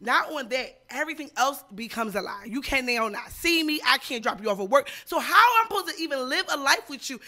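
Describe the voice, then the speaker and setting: A woman's voice: high voice, animated, fairly quick, few pauses, pushed and bright. A woman co-hosting a podcast in a studio, pressing her point insistently and repeating herself to hold the floor. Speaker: podcast co-host. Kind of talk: heated casual debate.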